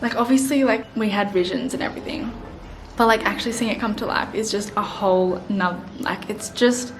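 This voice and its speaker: A young woman in her twenties, gushing excitedly in a casual vlog, with lots of "like" between her words. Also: mid-range voice, fairly quick, background noise. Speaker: vlogger. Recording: background music.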